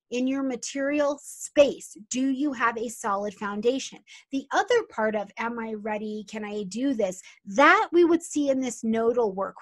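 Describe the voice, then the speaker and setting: A woman giving a lively astrology reading, talking straight to her viewers and often asking them questions. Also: high-pitched. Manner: animated, addresses viewers as "you guys". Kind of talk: casual astrology talk to viewers.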